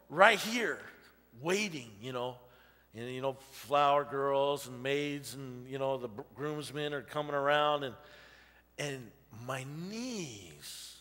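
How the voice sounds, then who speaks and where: A man in his fifties preaches in a high, ringing voice. His sermon is chatty and personal, full of "you know" asides, and his words echo with a long reverb through the church sanctuary. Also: sharp tone. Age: 50s. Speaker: pastor. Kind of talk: conversational sermon.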